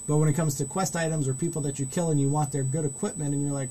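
A man hosting a casual screen-recorded walkthrough, chatty and rambling, getting excited about the features he likes. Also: mid-range voice, fast talker, hardly any pauses, slight background noise. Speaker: modding tutorial host.

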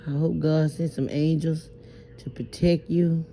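Speaking a little slowly in a low, steady, dark voice, a woman from New Orleans vlogs to her phone from bed at night. Her confession rambles, stammers and stays emphatic, with free swearing. The audio is muffled, lo-fi, and carries a slight hiss or hum.

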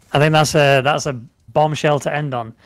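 A man's voice: a little high, fairly even intonation, measured pace. Chatty British man streaming a game. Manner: chatty, joking, repeats giveaway instructions. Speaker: streamer co-host. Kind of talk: live gameplay stream chat.

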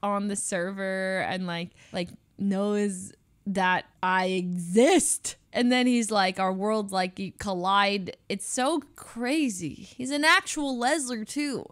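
A woman's voice: mid-range voice, slow pace, a bit bright. A young woman streamer, chatty and giggly, reacting to clips. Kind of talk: casual reaction commentary.

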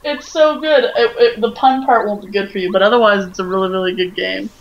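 A woman's voice: medium pitch, a little fast, lo-fi sound. A young woman co-hosting a game playthrough, bantering casually and laughing often. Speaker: co-host of a gameplay video. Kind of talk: casual gaming commentary.

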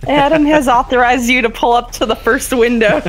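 A woman's voice: high voice, rough recording. A woman chatting beside a game stream, asking questions, teasing and laughing. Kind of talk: casual game-stream chat.

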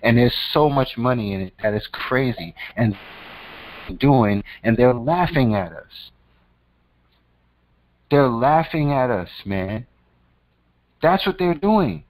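A man's voice: mid-range voice, expressive, takes it slowly, pauses often, poor audio. A man hosting his own channel, giving casual advice in a slangy, emphatic, repetitive way and calling the listener "son.". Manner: profane, repetitive and preachy. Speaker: host.

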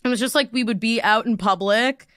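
A woman's voice: fairly high pitch, brisk, no room sound. Giggly young woman podcast host. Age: 20s. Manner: giggly, animated storytelling with silly voices. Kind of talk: casual chat.

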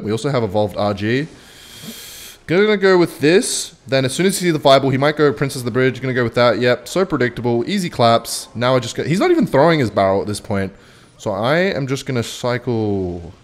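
Young man, casual gameplay commentary, rambling storyteller, lively pitch, mid-range voice. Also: a little fast. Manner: chatty, rambling, switches between game calls and anecdote. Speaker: gaming video creator.

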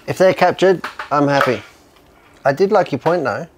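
A man's voice: on the high side, animated, normal speed, slight background noise. A man co-hosting a workshop video, full of teasing jokes and playful banter. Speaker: co-host.

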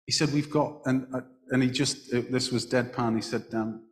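A man's voice: medium pitch, flat delivery, moderate pace. A man as the guest at a live stage talk, telling a long anecdote with many restarts. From England. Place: large hall at a book festival. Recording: echoey hall, roomy reverb.

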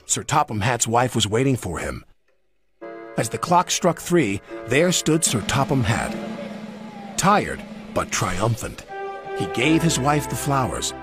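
A man narrating a children's story with a lively, expressive reading. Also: medium pitch, slow pace, over music.

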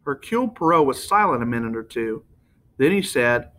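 A man's voice: medium pitch, sing-song, normal speed, bright, forceful tone. A man reading a novel aloud as an amateur audiobook narrator, with small slips that he corrects as he goes. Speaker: audiobook reader.

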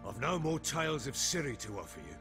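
A man's voice: mid-range voice, very animated, a little fast. An actor playing a boastful middle-aged warlord baron in a video game, blustery and coarse as he tells his stories. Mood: gruff. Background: game music.

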